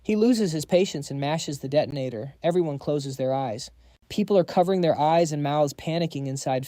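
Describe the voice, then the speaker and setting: A man's voice: a little high, a little fast, dark tone, dry recording. A man narrating a comic recap in a hyped, slangy storytelling manner.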